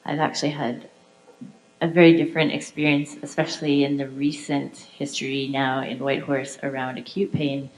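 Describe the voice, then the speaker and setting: A woman's voice: rumbling low, little pitch movement, normal speed, poor audio. A woman doctor on a conference panel, commenting in a precise, clinical way. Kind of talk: panel discussion.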